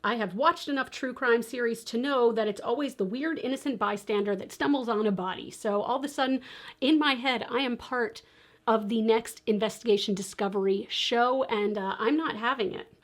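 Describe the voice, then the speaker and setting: A young woman with a slightly high voice tells a long personal story while doing her makeup. She talks in a lively, casual way and mimics the people she quotes. Her laughter breaks in here and there. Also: moderate pace. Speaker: beauty vlogger.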